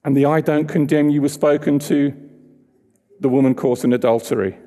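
A man's voice: on the high side, fairly even intonation, normal speed, dark tone, long reverb tail. A man preaching a sermon in a church, talking conversationally and asking the congregation questions.

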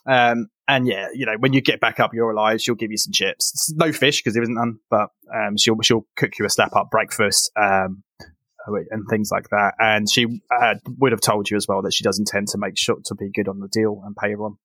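A man narrating as game master in a loose, halting way. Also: on the low side, fairly even intonation, sharp tone, no room sound.

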